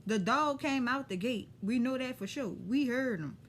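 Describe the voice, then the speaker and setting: A woman with a New Orleans accent telling a story to camera in a lively, profane, slangy way. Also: high-pitched, normal speed, a little hiss or hum. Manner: animated, profane, street slang. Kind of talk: casual storytime.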